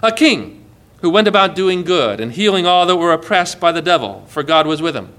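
A man preaching a sermon in an earnest way, often dropping soft and low as he quotes. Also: big pitch swings, brisk.

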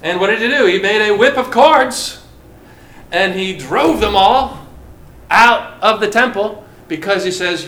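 High-voiced preacher in an echoing hall. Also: male voice, measured pace. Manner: animated, asks the listeners rhetorical questions. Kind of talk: sermon. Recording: roomy echo.

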